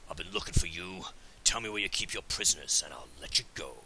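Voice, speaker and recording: A man voicing a gruff, menacing male orc warlord in a low, half-whispered voice. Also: animated, quick pace, sharp tone, slight background noise, heavily acted, poor audio.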